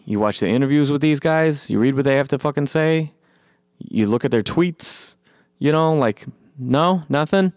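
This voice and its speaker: A man's voice: on the high side, moderate pace, no room sound, studio quality. A man, a punk band musician, talking in a casual, profane monologue and mocking people in quoted voices. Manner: profane, animated, mocks others in quoted voices.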